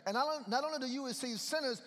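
A man's voice: extremely high pitch, fast, fairly bright tone, voice pushed up. A man voicing indignant religious critics, who scold mockingly, in an echoey hall.

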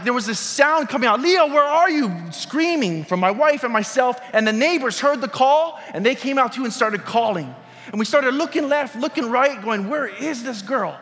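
A man's voice: very high voice, bright, forceful tone. A middle-aged man preaching a sermon, telling a personal story in a conversational way and asking the audience questions. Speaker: pastor. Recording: reverberant hall with music.

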